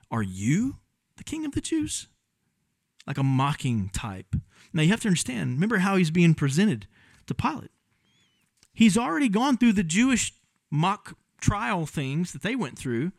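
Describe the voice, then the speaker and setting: A male pastor delivering a sermon in a casual, animated way. His voice sits a little high for a man. The sound is dry and close, with no room echo. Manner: conversational, animated preaching.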